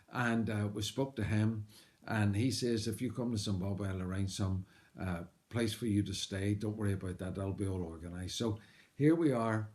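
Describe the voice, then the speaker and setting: A man's voice: on the low side, darkish tone. A man with a Northern Irish accent, a missionary telling his life story as an earnest personal testimony, full of "uh" fillers and bursts of animation. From Northern Ireland.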